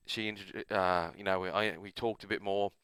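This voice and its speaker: A man's voice: low-pitched, fairly even intonation, normal speed, a bit bright, clean tone, no echo. A man with an Australian accent, host of a gaming channel, telling a long rambling story in a casual, self-amused way.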